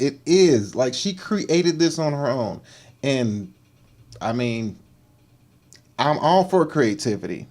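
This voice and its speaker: A man hosting a livestream, giving teasing, animated reaction commentary on videos and repeating slang tags. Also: a little high. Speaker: livestream host.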